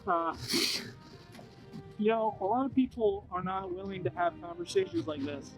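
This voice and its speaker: A man runs a deadpan mock interview, earnest and halting as he rambles through fillers. His voice is high for a man. Soft music sits underneath. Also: dull audio.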